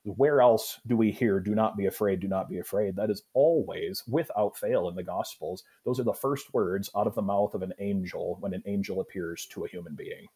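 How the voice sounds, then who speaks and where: Low, husky-voiced pastor explaining scripture. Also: male voice, mellow. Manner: thoughtful, explanatory, pauses with fillers. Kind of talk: Bible study discussion.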